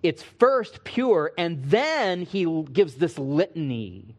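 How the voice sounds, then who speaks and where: A man preaching a sermon, reading scripture and explaining it verse by verse with emphatic pauses. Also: on the high side, sing-song. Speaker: pastor.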